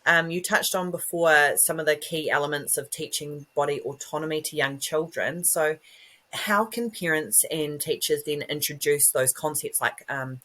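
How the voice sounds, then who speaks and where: A woman's voice: deep voice, fairly even intonation, normal speed, fairly bright tone, rough recording. A woman in her thirties hosting a podcast interview, chatty and affirming as she reflects. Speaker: podcast host. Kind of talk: casual interview chat.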